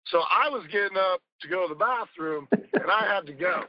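A man's voice: sits high, expressive, moderate pace, dull audio. A man speaking as a podcast guest, telling rambling, emphatic stories in casual conversation and swearing now and then.

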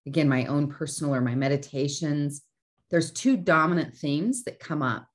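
A woman's voice: deep voice, normal speed. A woman hosting a motivational talk, speaking earnestly and often checking in with "right?". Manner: earnest, repeats phrases with "right?". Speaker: host. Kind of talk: motivational teaching chat.

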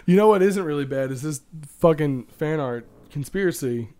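A man's voice: a little high, lively intonation, moderate pace, mellow. A man co-hosting a podcast, chatting casually with lots of giggling and self-mocking jokes. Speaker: podcast co-host. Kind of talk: casual chat.

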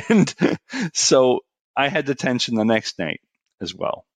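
A middle-aged man telling a personal story in a casual, animated way, his voice rising for the punchlines. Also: medium pitch, unhurried, no echo.

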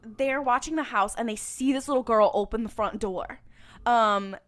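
Lady podcast host rambling through an episode recap, kinda high voice, lots of um and like. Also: normal speed. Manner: rambling, animated retelling with many fillers and acted quotes. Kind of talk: casual chat recapping a TV episode.

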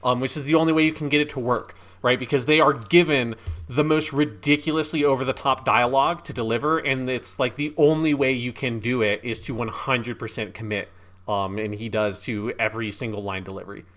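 A man co-hosting a film podcast, talking in a relaxed, chatty way with fillers and some swearing. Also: mid-range voice, brisk. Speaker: podcast co-host. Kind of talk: casual film discussion.

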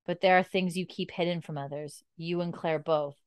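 A woman quietly quoting a troubled young man, withdrawn and subdued. The sound is dry and close. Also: fairly low pitch, fairly even intonation, moderate pace, clear, resonant tone, dry recording, lightly acted.

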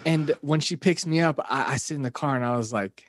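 A man's voice: a little high, fairly quick, hardly any pauses, no echo. Young man rambling on a dry mic. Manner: rambling, laughing, frequent restarts. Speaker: podcast co-host. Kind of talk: casual storytelling chat.

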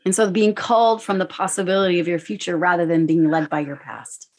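A woman on a podcast, talking warmly about stress and acting out her own inner dialogue in quick quotes. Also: lowish voice, fairly even intonation. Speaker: guest speaker on stress. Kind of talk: casual podcast conversation.

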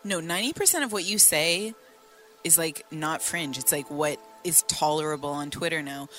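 An assertive woman countering points in a casual podcast chat, now and then mimicking other people. Her voice sits a little low yet bright, with faint music underneath. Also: normal speed. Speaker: podcast co-host.

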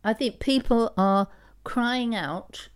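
A woman on a faith podcast, telling a story reflectively with many pauses and restarts. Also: fairly high pitch, smooth. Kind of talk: casual faith podcast discussion.

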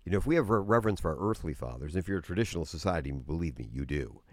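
A man's voice: sits low, animated, racing, a little mellow, no echo. A man teaching earnestly in conversation, explaining at length with frequent restarts. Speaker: guest teacher on prayer.

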